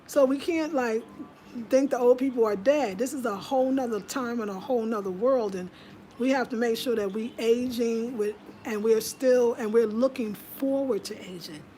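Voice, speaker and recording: A slightly high, warm voice carries this casual at-home monologue by a middle-aged American vlogger. She's emphatic and chatty, slipping into voices for the people she quotes, and there's slight background noise.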